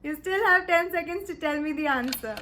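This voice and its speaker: A young woman from India teaching German time phrases in a cheerful, encouraging online lesson, slowing down to spell out each phrase. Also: high voice, background noise.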